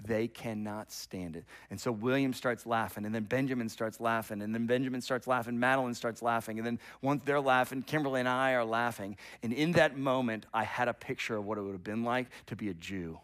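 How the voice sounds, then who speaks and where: A middle-aged man preaching a sermon as pastor, telling the story with animation, rising loud and dropping to a hush, often repeating words as he starts a thought. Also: mid-range voice, fairly even intonation, a little fast, hardly any pauses.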